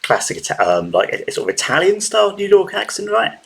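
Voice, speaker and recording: A man's voice: high voice, wildly swooping pitch, quick pace, vocal fry, fairly bright tone. An English man hosting a reaction video, talking casually with many hesitant restarts. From England. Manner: hesitant, restarts often, chatty.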